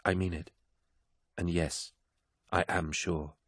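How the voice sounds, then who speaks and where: A man reading an audiobook, voicing a woman prophet who speaks calmly and with certainty, solemn and resolute. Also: low-pitched, slow, no room sound, studio quality, heavily acted. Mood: resolute, fervent.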